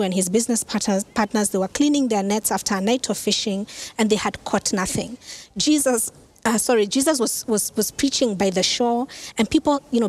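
A woman pastor preaching a sermon who tells the story in a lively, conversational way with casual asides. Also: a little high. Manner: animated storytelling, acts out quoted lines.

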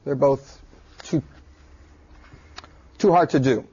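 A man teaching a computer science class in a relaxed, joking way. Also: mid-range voice, slow pace, husky. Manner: relaxed and joking, with filler words. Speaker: lecturer. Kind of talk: classroom lecture. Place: lecture room. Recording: dull lo-fi classroom recording.

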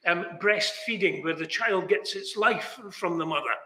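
The preacher's high, bright voice is forceful, moving at a moderate pace. His emphatic chapel sermon, heard with long reverb, is full of rhetorical questions aimed right at his listeners.

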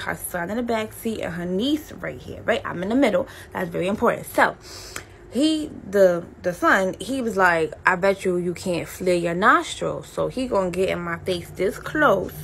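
Gravelly-voiced woman telling a chatty story. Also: mid-range voice, a little hiss or hum. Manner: animated, chatty, addresses viewers directly. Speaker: vlogger. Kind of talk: casual storytelling.

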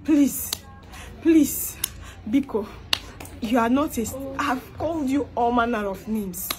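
Pleading Nigerian woman, high voice. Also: slow, music in the background. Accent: Nigerian, Igbo-inflected English. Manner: pleading, begging, repeating herself; mixes English with Igbo. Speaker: skit performer. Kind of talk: comedic skit monologue.

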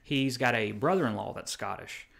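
A man's voice: medium pitch, normal speed, gravelly. A man in easy conversation on a podcast, his voice sitting in an ordinary middle register. He rambles through stories with plenty of fillers and picks up energy as he goes. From South Carolina, US. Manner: chatty, filler-heavy, animated when telling stories. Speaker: podcast co-host. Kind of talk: casual chat.

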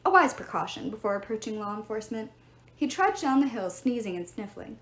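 A woman reading a novel aloud, her fairly high voice rising and falling with lively expression. The reading sits in a roomy space with a clear echo. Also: brisk. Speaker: audiobook reader.

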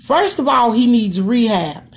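A woman's voice: a little high, big pitch swings, measured pace. A woman chats on a live stream recorded on her phone. She reads viewer comments aloud and answers them in a folksy, down-to-earth manner, speaking straight to her audience. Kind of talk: casual chat.

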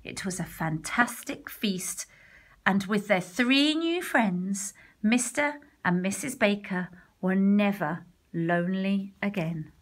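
A woman teacher reading a storybook aloud for children, expressive and gentle, pausing to ask the listeners questions. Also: medium pitch.

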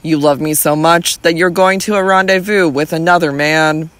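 A man's voice: on the high side, fairly even intonation, moderate pace, a bit bright, dry recording, lightly acted. A man reading as a bitter, devoted lover. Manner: submissive, bitter. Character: devoted young gentleman, bitter and obedient.

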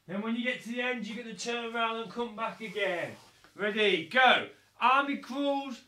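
High-voiced guy coaching little kids at home, slow and bright, echoey room. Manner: upbeat, encouraging, calls out counts loudly. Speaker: children's taekwondo instructor. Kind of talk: live online kids' fitness class.

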